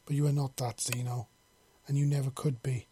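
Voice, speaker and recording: A man's voice: mid-range voice, level tone, a little fast, dark tone, a little hiss or hum, close to an everyday voice. A man voicing a devoted young human man who speaks breathlessly in a storybook reading.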